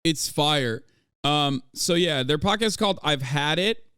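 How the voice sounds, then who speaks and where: A man reacting to podcast clips on a livestream, rambling excitedly and swearing freely. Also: a little high, a little slow, smooth, dry recording, clean studio sound.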